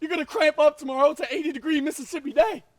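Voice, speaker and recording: A man's voice: very high-pitched, steady tone, rapid-fire, dry recording, voice pushed up. A man voicing the ghost of a bellowing old male football coach who barks drill-sergeant orders. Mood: hectoring.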